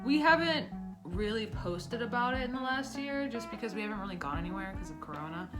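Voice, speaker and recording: A woman's voice: fairly high pitch, expressive, brisk. Young woman co-host, playful and chatty, casual vlog talk, music bed. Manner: chatty, playful, finishes her partner's sentences. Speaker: vlogger, English teacher in Korea. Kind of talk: casual chat. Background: guitar music.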